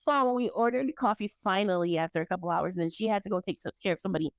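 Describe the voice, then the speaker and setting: A woman co-hosts a podcast, recounting stories in casual banter and acting out what people said, all animated delivery, laughter and voiced quotes. Her mid-range voice moves at a quick clip, and the recording is dry with clean studio sound.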